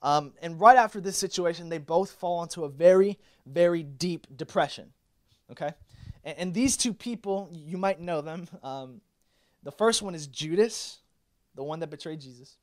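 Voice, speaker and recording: A young man delivers a youth sermon with a slightly higher-than-usual voice. His talk is casual and animated, loose with fillers and restarts, and he acts out the lines of the people he talks about. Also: normal speed. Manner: casual, animated preaching with many fillers and acted-out quotes. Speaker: youth pastor.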